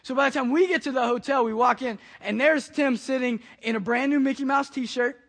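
High-voiced man preaching through a story. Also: a little fast, gravelly. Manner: animated, conversational storyteller. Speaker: pastor. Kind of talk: sermon with personal storytelling.

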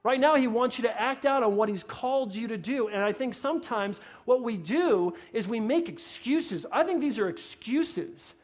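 A man's voice: extremely high pitch, lively intonation, moderate pace, hardly any pauses. A man preaching a sermon with a New York accent, getting worked up and repeating phrases for emphasis. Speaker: pastor.

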